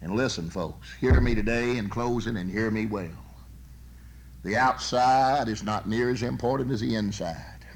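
A man preaching a sermon, telling folksy stories and swinging from loud bursts to soft, low asides. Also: moderate pace, a little hiss or hum.

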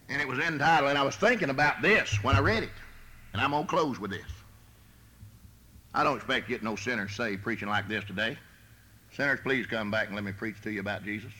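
A man preaching a sermon as pastor, with a folksy manner, rising to shouted emphasis. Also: mid-range voice, a little hiss or hum.

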